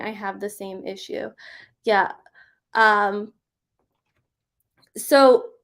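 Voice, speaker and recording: A woman's voice: fairly high pitch, a bit bright. A woman giving parenting advice in a live question-and-answer session, conversational and reassuring, often checking in with "right?". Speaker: parenting coach.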